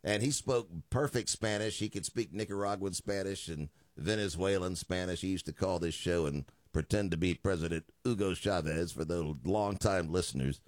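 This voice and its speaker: A man's voice: deep voice, normal speed, hardly any pauses, no room sound. A man in his fifties, a radio talk show host, telling a joking story in a studio.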